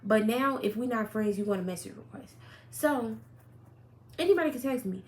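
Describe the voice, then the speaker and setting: A young woman telling a story about her relationship in a casual vlog, blunt and profane, with sudden loud outbursts. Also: on the high side, lively intonation, moderate pace. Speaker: storyteller vlogger.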